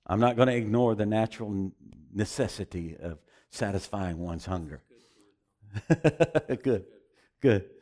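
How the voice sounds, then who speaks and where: A man's voice: on the low side, measured pace, long pauses, dark tone. A man preaching a sermon as pastor, emphatic and repeating phrases for emphasis.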